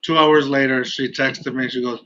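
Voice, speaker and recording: A man hosting a podcast, telling a story in an animated, casual way and laughing often. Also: medium pitch, normal speed. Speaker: podcast host. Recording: dull lo-fi audio.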